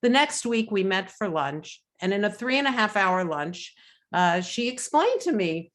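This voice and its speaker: This middle-aged woman's mid-range, slightly bright voice swings widely in pitch as she gives a reflective, measured family testimony over a webinar video call, pausing and using fillers along the way.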